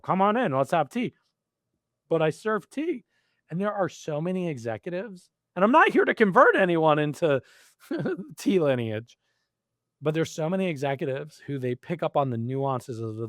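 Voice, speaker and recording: A middle-aged man talking as a guest in a casual interview, animated and quick to laugh, acting out his own quoted lines. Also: a little high, no room sound, studio quality. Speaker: podcast guest, executive coach.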